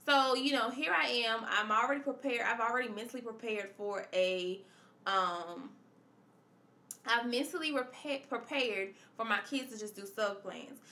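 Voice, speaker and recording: A woman's voice: fairly high pitch, normal speed, bright, forceful tone, reverberant. A woman hosting a confessional podcast, speaking emphatically and repeating her points in a preacherly way. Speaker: podcast host. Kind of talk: personal confessional podcast monologue.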